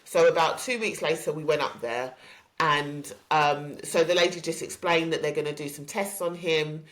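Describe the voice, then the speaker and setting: A woman, hosting a podcast and candidly recounting a personal story with many pauses and ums. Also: low voice. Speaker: podcast host.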